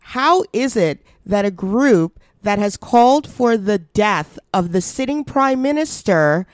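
A woman's voice: mid-range voice, expressive, slow pace, no room sound, clean studio sound. A woman co-hosting a podcast, talking in heated, indignant casual chat and swearing freely. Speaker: podcast co-host.

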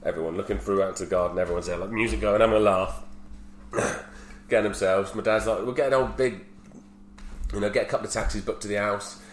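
Man, 30s, low voice, frank podcast storyteller, echoey room. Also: steady tone, quick pace. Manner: candid storyteller, swears freely. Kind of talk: casual chat. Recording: roomy echo with faint hum.

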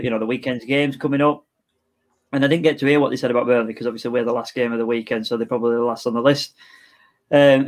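A man co-hosting a casual podcast who talks at a fast clip. He is easygoing and agreeable, and he often jumps in to add a point. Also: medium pitch. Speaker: podcast co-host. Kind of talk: casual chat.

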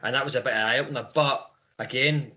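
A man with a bright Scottish voice spins loose road-trip stories in a podcast chat. His delivery is rambling and anecdotal, full of asides and restarts. His pitch sits in an ordinary middle range. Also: fairly even intonation, quick pace. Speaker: band member guest. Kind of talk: live podcast interview.

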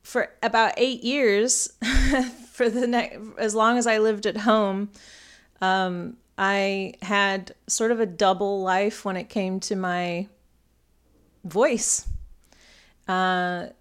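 Speaking slowly and pausing often, this astrologer and podcast host delivers a casual, meandering monologue peppered with ums and soft laughter. She's a northern English woman who talks with an American accent, and her mid-range voice is smooth and steady.

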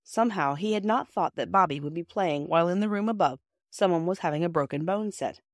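A woman reading a storybook aloud in a gentle, measured narration. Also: lowish voice, no echo, studio quality. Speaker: audiobook reader.

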